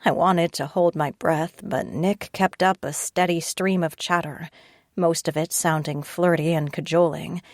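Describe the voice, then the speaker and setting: Woman narrator, first-person audiobook, lowish voice, wry and tense, dry close recording. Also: steady tone, a little slow, darkish tone, no room sound.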